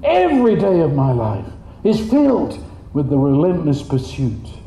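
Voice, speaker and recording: Lively dark-voiced male preacher. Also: unhurried, vocal fry, a little hiss or hum. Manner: animated, jumps high for quoted voices. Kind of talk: sermon. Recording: dull, echoey room.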